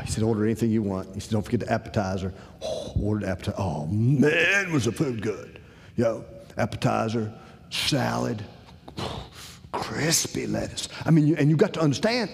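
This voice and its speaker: Long hall reverb surrounds a man with a fairly low, gravelly voice as he tells an audience a personal story. He's animated throughout, acting out the dialogue himself.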